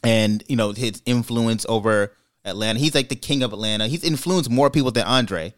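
A man hosting a casual podcast, giving his opinions in a measured way and slowing down to stress his points. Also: mid-range voice. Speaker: podcast host. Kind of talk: casual chat, opinion commentary.

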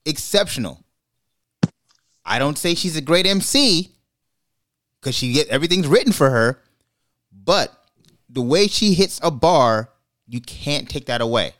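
A man's voice: fairly high pitch, animated, a little slow, pauses often, a bit bright. Man hosting a casual podcast. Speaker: podcast host. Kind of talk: casual chat, opinion commentary.

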